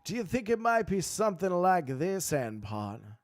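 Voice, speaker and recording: An American man voicing a jittery, battle-hardened human king with a slow, drawn-out Southern drawl. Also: high voice, sing-song, dry recording, pitched above the performer's own voice. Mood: drawling, courtly.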